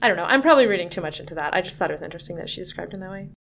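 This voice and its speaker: A woman's voice: lowish voice, animated, rapid-fire, gravelly, a little hiss or hum. A woman co-hosting a casual book discussion, chatty and laughing often.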